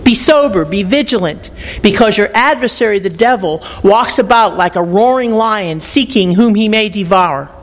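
A woman reading a Bible passage aloud in a steady, measured way. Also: mid-range voice. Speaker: scripture reader.

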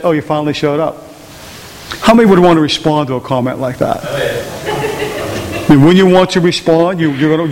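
A man's voice: fairly high pitch, big-room sound, a little hiss or hum. A man preaching a conversational sermon in church, often asking the congregation rhetorical questions. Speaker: pastor. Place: church hall.

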